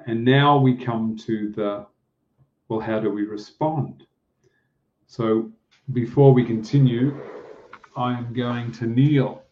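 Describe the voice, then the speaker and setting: A man preaching a sermon and leading a prayer, speaking slowly with pauses and fillers. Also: medium pitch. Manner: slow, halting delivery with pauses and fillers. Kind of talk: slow, deliberate sermon with prayer. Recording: dull, muffled lo-fi sound.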